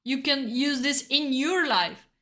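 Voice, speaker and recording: A woman from Bulgaria with a Bulgarian accent, chatting earnestly and emotionally on a live chess stream while playing blitz, in halting non-native English. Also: sits high, bright, forceful tone. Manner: earnest and encouraging, with broken non-native phrasing.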